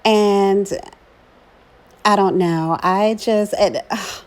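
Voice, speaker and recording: A woman's voice: mid-range voice, steady tone, extremely slow, clear, resonant tone. A middle-aged mother narrating a casual travel vlog, chatty and affectionate, often tagging her sentences with "right?". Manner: chatty, keeps adding "right?"; warm and emotional about her daughter. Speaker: vlogger, mother.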